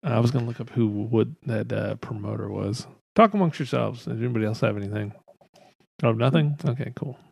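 Gravelly, profane man hosting a podcast. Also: medium pitch, a little mellow, no echo. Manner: rambling, profane, laughing, doing quick voices. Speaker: podcast host. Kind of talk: casual chat.

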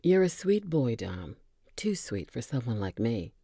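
A woman's voice: a bass voice, very animated, unhurried, gravelly, mellow, slightly rough, no echo, full character voice. A woman voicing a dry, teasing, theatrical woman in her forties in a storybook reading. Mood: wry. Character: sardonic woman in her forties in a hospital bed, imperious.

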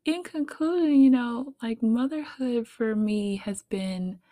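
A young woman hosting a solo podcast, talking softly and from the heart, with small laughs between her thoughts. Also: fairly high pitch, slow pace, no echo. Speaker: podcast host. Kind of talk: reflective solo podcast talk.

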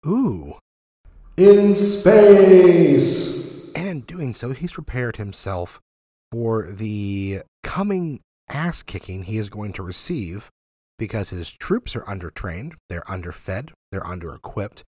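A man's voice: lowish voice, sing-song, a little slow, no room sound. A man hosting a podcast, giving sarcastic, heated political commentary full of fillers and swearing. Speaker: podcast host.

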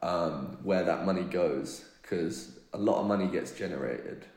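A man's voice: sits low, unhurried, darkish tone. A man with a British accent, a touring DJ and musician, chatting loosely in an interview with lots of fillers. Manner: loose storytelling, many fillers, laughs often. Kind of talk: casual interview chat. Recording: roomy echo.

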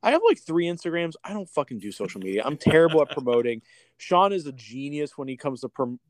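A man's voice: on the high side, animated, fast talker, dry recording, studio quality. Rambling, swearing male podcast co-host. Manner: rambling, swears freely, many restarts. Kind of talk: casual podcast chat.

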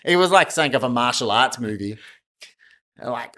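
A man's voice: a little high, moderate pace, sharp tone. A man telling a fight story in a casual chat, swearing and laughing often. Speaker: guest, martial arts fighter.

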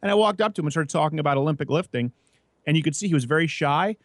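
A man hosting a casual political talk show, brash and mocking, talking fast. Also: a little high, no room sound, studio quality. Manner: brash, quick, mocking, with put-on voices. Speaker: podcast host.

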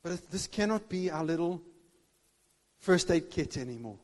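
A man preaching a sermon with fervour, swinging between shouted declarations and hushed asides. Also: a little high, expressive, moderate pace. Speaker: pastor. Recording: long reverb of a big hall.

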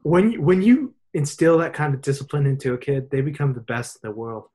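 A young man chatting casually and excitedly, with lots of slang and playful impressions. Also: mid-range voice, brisk. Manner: animated, slangy, puts on voices for fun. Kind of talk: casual chat.

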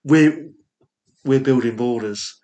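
A man's voice: medium pitch, slow pace, a loud crowd. A man with a Yorkshire accent co-hosting a podcast in casual chat. He laughs often and talks in rambling asides. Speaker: podcast co-host.

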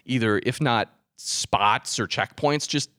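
A man's voice: mid-range voice, takes it slowly, dry recording, clean studio sound. A man co-hosting a casual podcast chat, telling a history story with frequent laughter. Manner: animated, laughs often, hams up a mock French accent. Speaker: podcast co-host.

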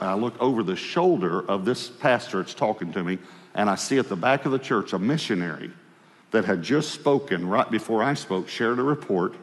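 A man preaching in a church hall with a long reverb trailing his words. His voice sits on the low side. He tells his story with lively acted-out exchanges and sinks into a quiet, low tone whenever he speaks as God. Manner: animated storyteller, acts out dialogue, dropping low and quiet for God's voice. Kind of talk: sermon storytelling.

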